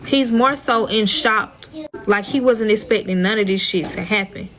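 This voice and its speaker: A woman's voice: mid-range voice, normal speed, a bit bright, low-quality recording. A young woman telling a storytime in a profane, exasperated, dramatic way. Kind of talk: storytime vlog.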